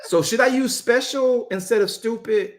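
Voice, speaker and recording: A man's voice: very high voice, normal speed. A man leading a Bible study as its apostle, joking with his group, often repeating and restarting his phrases. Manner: joking, animated, talks straight to the group. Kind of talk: casual Bible study teaching.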